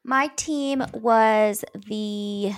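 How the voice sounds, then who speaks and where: Easygoing woman talking slow on a podcast, kinda distracted, dry close sound. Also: mid-range voice, clean tone, no echo. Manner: easygoing, distractible, laughs often. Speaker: podcast co-host. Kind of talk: casual chat.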